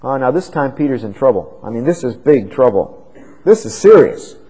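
A man preaching an expository sermon, dramatic, swinging from loud emphasis to hushed tones. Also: medium pitch, sing-song, moderate pace, husky, poor audio.

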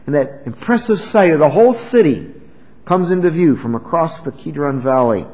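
Older male pastor, sermon delivery, animated pitch, fairly high voice, dull lo-fi recording with a long hall reverb. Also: normal speed. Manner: expressive preaching, rising to loud emphatic peaks.

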